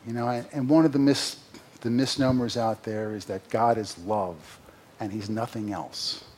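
A man's voice: on the low side, steady tone, moderate pace, a little mellow, a little hiss or hum. A man preaching a sermon as pastor, earnest, with sarcastic asides and emphatic rises.

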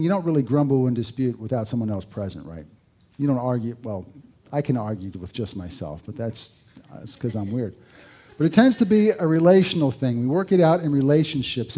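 A man's voice: medium pitch, warm tone. A male pastor preaching a sermon in a conversational way, with rhetorical questions and dry humor.

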